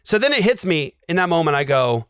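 A man's voice: on the high side, sing-song, a little fast, fairly bright tone, clean tone, no echo. A man, a guest, telling a personal story in an earnest, emotional way with lots of "like"s. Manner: earnest, emotional, filler-heavy with many "like"s. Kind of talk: casual storytelling.

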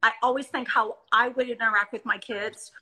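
Middle-aged woman host, high voice, slightly husky, encouraging, animated storyteller. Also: normal speed, rough recording. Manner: enthusiastic, encouraging, reenacts stories. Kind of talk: Christian talk show chat.

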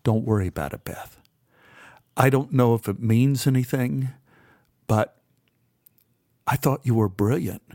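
An earnest, apologetic man, voiced by the narrator in a gentle, warm tone, mid-pitched and plain. The audiobook reading sounds dry and close to the mic. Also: unhurried, pauses often, dry recording, natural voice. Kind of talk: audiobook character voice.

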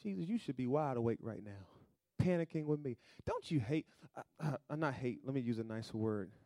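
Preaching man, hushed to shouting. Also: medium pitch, expressive, fairly quick, dry recording. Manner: dramatic swings from hushed to shouting, conversational preaching. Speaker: pastor. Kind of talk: sermon.

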